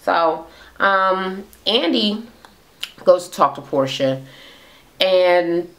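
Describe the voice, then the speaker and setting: A woman with a slightly low voice recaps a reality show in a blunt, profane rant. She talks casually and gossips as she retells the scenes. She never softens her opinions. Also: animated, very slow.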